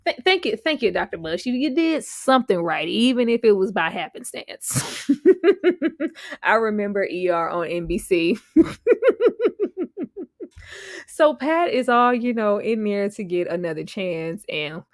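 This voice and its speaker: A woman giving a casual reaction review of a TV episode, slangy and animated, laughing often and swearing freely. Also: mid-range voice, measured pace, long pauses, no echo, studio quality.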